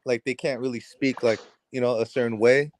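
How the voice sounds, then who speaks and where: A man chatting casually on a boxing podcast, speaking in a laid-back, slangy way that trails off softly. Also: mid-range voice, fairly even intonation, a little fast, a little hiss or hum.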